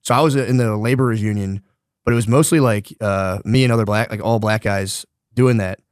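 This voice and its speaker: A man from the Philly area talks quickly on a podcast, dropping deadpan, profane jokes. His mid-range voice sits close and dry on the mic. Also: fairly low pitch, clear, resonant tone, no room sound. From Philadelphia area. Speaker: podcast co-host. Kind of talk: casual chat.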